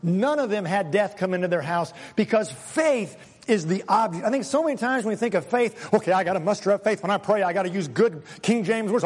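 A man preaching a sermon as pastor, dramatic, acting out quoted voices and swinging between loud and soft. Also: high-pitched, animated, fairly quick, in a large hall.

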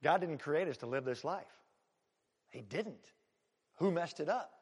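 A male pastor preaching a sermon in a church, animated, swinging between loud emphatic lines and hushed asides. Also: a little high, measured pace, slightly rough, big-room sound.

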